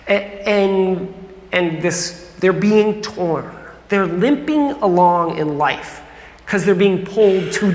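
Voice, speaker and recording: Casual joking pastor, mid pitch, long reverb of a large room. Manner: casual, humorous storytelling with lively acted quotes. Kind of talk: sermon. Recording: roomy hall with long reverb.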